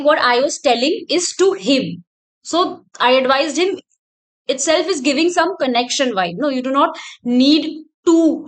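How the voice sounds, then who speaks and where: Female teacher, high voice, explanatory lecture delivery that repeats its points. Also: fairly bright tone. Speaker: English teacher. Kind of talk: recorded exam-prep lecture.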